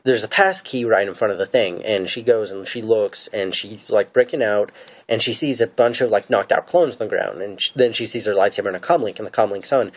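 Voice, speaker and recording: Talking fairly quickly in a lowish voice, a man recaps a show's episodes and offers his opinions as a fan. He's casual but hesitant, rambling along with frequent fillers and restarts.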